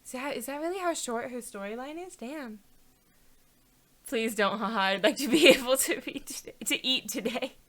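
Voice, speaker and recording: Young woman streamer, chatty, giggly, bright high voice, desk mic. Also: moderate pace. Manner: chatty, laughs often. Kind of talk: casual let's play commentary.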